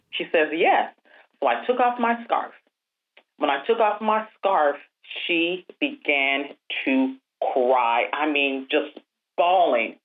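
Woman, deep voice, animated storyteller, acts out dialogue, tinny phone line. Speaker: guest, alopecia support group founder. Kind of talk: storytelling in an interview.

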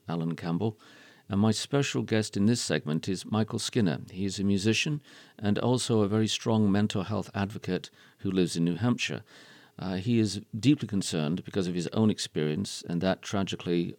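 Low-voiced radio host, measured questions. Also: male voice, darkish tone, no echo. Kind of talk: radio interview.

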